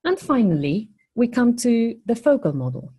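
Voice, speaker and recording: A woman lecturing on phonology, explaining step by step in a measured way and posing questions to the class. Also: on the high side, big pitch swings, dark tone, slightly rough.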